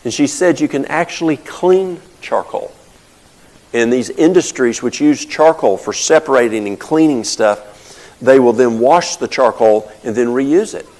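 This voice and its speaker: A man's voice: mid-range voice, measured pace, a little mellow, poor audio. An older man giving a folksy teaching talk, telling stories and explaining with plain everyday examples. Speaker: health talk presenter.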